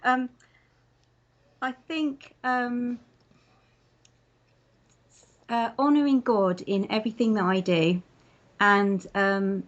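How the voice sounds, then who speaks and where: A woman's voice: fairly high pitch, steady tone, takes it slowly, highs cut off. A woman with a slight London accent, speaking earnestly and encouragingly as an interview guest, often breaking into laughter. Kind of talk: casual interview talk.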